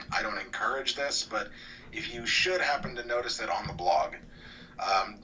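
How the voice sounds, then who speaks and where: A man guest talking casually about cartoons, rambling and restarting, often trailing off quieter. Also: on the low side. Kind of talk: casual interview chat. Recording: distant mic with faint noise.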